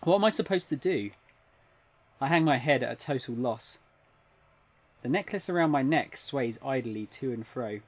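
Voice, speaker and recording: A man reading aloud the first-person narration of a young woman caught in a strange situation, in a plain, lightly expressive voice. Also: mid-range voice, moderate pace, long pauses, natural voice. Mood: worried. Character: young woman narrating her own puzzled predicament. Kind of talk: reading game text aloud.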